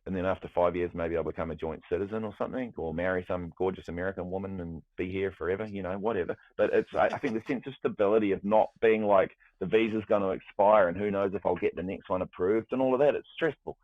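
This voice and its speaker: A new guest, a music producer from New Zealand, chats casually in a deep voice that sounds like it's coming through a dry phone line with no echo. He talks fast with few pauses, animated and rambling, restarting sentences and swearing freely.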